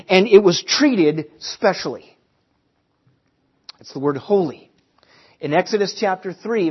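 A man's voice: high-pitched, husky. A middle-aged man preaching a sermon, teaching earnestly and repeating key phrases for emphasis. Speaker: pastor. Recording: dull lo-fi recording.

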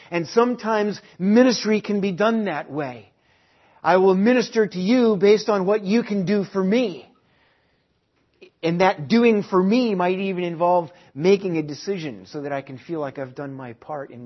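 Husky, emphatic male preacher. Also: sits high. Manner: emphatic, repeats key phrases, swings from quiet to loud. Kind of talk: sermon. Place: church service. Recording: dull lo-fi sermon recording.

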